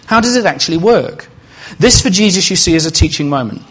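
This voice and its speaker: A man's voice: high-pitched, animated, a little fast, a bit bright, breathy edge. A male preacher giving a sermon in a conversational way, asking the congregation questions and adding humorous asides.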